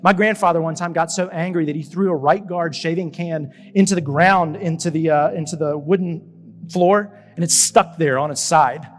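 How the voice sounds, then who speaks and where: A younger man, a pastor, preaching a conversational sermon with animated stops and restarts. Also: a little high, moderate pace, slight background noise. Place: church auditorium. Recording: church hall with long reverb.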